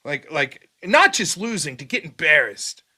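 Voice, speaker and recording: Bright-voiced, profane storytelling man. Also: on the high side, sing-song, a little slow. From America. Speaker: host. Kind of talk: casual livestream chat.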